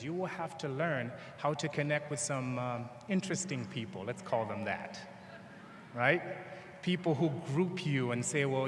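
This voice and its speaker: A man from Zambia with a Zambian accent, giving a graduation speech and acting out the lines of people in his stories. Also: mid-range voice. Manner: animated storyteller, acts out dialogue. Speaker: motivational speaker. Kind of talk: commencement speech with storytelling. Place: large hall. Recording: echoey hall with faint background noise.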